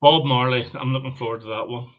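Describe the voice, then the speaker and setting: A man's voice: mid-range voice, steady tone, fast talker, highs cut off, a little hiss or hum. A British man co-hosting a live stream, chatting casually and laughing often. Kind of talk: casual chat.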